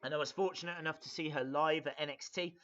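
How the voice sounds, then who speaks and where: A man hosting a casual live reaction stream, his voice bright and forward but captured with a dull, lo-fi sound. He rambles along with plenty of ums and uhs, greeting viewers and answering their comments as he goes. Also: on the high side, steady tone, fast talker. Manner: rambling, hesitant, many fillers, reads out viewer comments.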